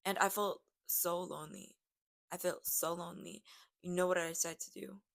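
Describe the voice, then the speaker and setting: A young woman in her late teens, with a hoarse voice that sounds deep to her, chatting in a rambling, self-mocking way while she bakes for a vlog. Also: steady tone, normal speed. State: hoarse from karaoke. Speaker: vlogger. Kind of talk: casual baking vlog chat.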